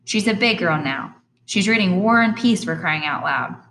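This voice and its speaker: An impatient, exasperated father, as a woman narrator puts him on, firm and a little teasing. The reading is in a lowish register with a faint noise floor, like an audiobook storybook scene. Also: animated, normal speed, a bit bright. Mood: stern.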